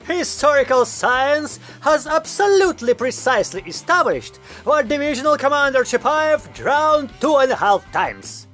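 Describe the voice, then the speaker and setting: A man voicing a cheeky, bubbly young woman who talks high and excitedly in an audiobook. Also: normal speed, hardly any pauses, faint music behind, full character voice.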